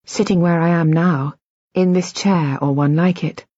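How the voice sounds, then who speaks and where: A woman narrates an audiobook in a measured, quiet first-person voice. Her tone is low and husky, and the recording is dry with a slightly dull, lo-fi sound. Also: steady tone, no room sound.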